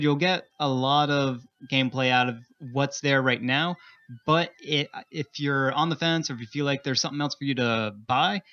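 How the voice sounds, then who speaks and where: A man's voice: mid-range voice, a bit bright, muffled recording. A man reviewing a game on a radio chat show, hesitant with many fillers as he explains.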